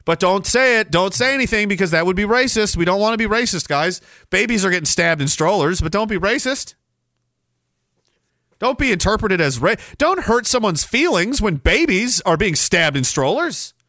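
A man's voice: high voice, expressive, moderate pace, sharp tone, dry recording, clean studio sound. A Canadian man hosting a podcast, ranting angrily in a solo commentary with sarcastic mocking asides. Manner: angry, sarcastic, mocking imitations. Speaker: podcast host.

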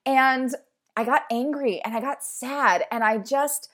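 Measured in pace, with a high and fairly bright voice, a thirtysomething woman talks on her own podcast. It's a casual personal monologue, candid and emotional, sprinkled with lots of "like"s.

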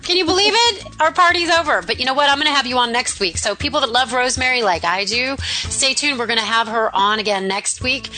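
Bright-voiced woman radio host. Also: on the high side. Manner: warm, effusive, laughs easily. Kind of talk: casual radio talk.

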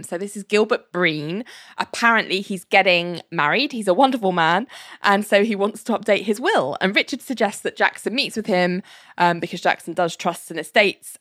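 A woman's voice: medium pitch, a bit bright, dry recording, studio quality. A woman co-hosting a podcast, casually recapping a TV episode, quoting the characters in put-on voices and laughing often. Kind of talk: casual chat.

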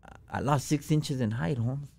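A man's voice: medium pitch, moderate pace, gravelly, darkish tone, slightly rough. Slangy, profane man telling a story. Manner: slangy and profane, full of fillers. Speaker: podcast guest. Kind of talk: casual storytelling.

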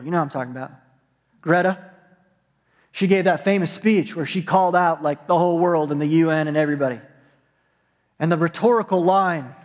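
A man delivers a sermon in a church sanctuary, his voice sitting high for a man. He preaches with animation, breaking into acted-out asides. A long reverb trails each phrase through the hall. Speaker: pastor.

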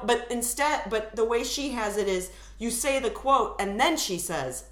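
A woman co-hosting a live comedic reading of fan fiction, animated and often breaking into laughter before an audience. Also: fairly high pitch, normal speed, echoey room. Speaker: podcast co-host reading fan fiction aloud.

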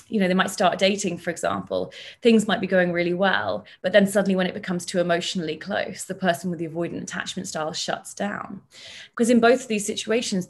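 A woman clinical psychologist explaining ideas in a relaxed interview, measured and thoughtful, using everyday examples. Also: fairly low pitch.

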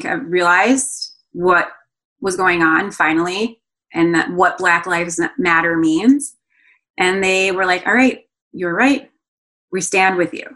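A woman in her thirties, a guest speaking earnestly and emotionally, halting often with fillers and restarts. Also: fairly low pitch, bright, forceful tone. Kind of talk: candid conversational interview.

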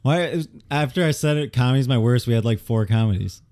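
A man's voice: mid-range voice, quick pace, darkish tone. A young man playing a movie trivia game, chatting casually and laid-back with friends. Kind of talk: casual chat among friends.

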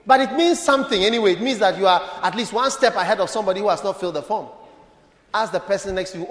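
A man preaching a lively sermon as a bishop, playful and calling on the congregation to answer. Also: high-pitched, fast. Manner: animated, playful, calls on the congregation. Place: church hall. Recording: echoey church hall.

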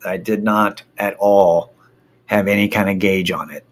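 A man casually telling a personal anecdote, animated and profane as he gets worked up. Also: on the low side, a little slow.

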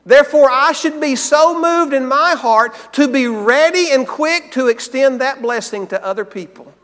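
A man preaching a sermon, earnest, slowing down and repeating key phrases for emphasis. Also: very high-pitched, a bit bright, long reverb tail.

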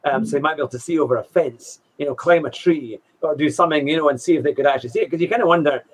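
Husky rambling chatty man. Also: fairly high pitch, very fast, low-quality recording. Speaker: podcast co-host. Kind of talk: casual chat.

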